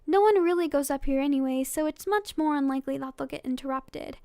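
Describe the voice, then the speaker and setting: A woman's voice: high voice, fast, warm tone, no room sound, clean studio sound. A woman reading aloud a feisty, smug teenage girl in her own voice.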